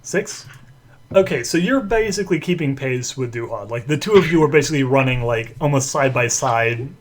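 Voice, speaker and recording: A man runs a tabletop game in a loose, rambling way, full of fillers. His voice sits at an ordinary middle pitch. He talks in plain everyday chat. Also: animated, moderate pace. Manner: casual, rambling with many fillers. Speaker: game master.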